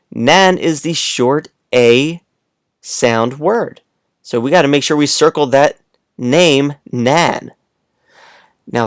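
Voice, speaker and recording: A man's voice: mid-range voice, smooth, no room sound, clean studio sound. A man teaching a read-aloud lesson to young children, playful and coaxing, speaking straight to the listener.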